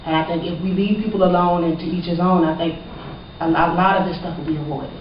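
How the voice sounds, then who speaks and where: A woman's voice: on the low side, steady tone, fast talker, dull audio, noisy background. A woman speaking on a university panel, earnestly telling a personal story and quoting the people involved, recorded from a distance in a lecture hall. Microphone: far from the mic.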